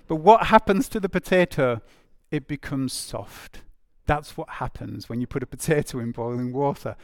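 A man's voice: medium pitch, normal speed, hardly any pauses, no echo, studio quality. A man preaching a sermon in a conversational way, repeating phrases for emphasis with frequent fillers.

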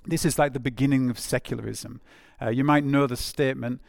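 A man's voice: mid-range voice, steady tone, a little fast, vocal fry, no room sound, clean studio sound. A man preaching a sermon in a conversational way, with frequent fillers and phrases repeated for emphasis.

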